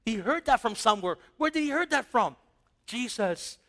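A man preaching a sermon, acting out Bible dialogue in lively quoted voices. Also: very high-pitched. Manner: animated, acts out Bible dialogue in quick voices. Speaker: pastor.

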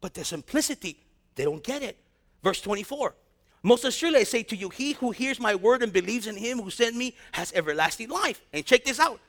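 A male pastor preaching a sermon, reading scripture and breaking into lively, slangy asides and acted-out dialogue. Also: very high-pitched, fairly quick.

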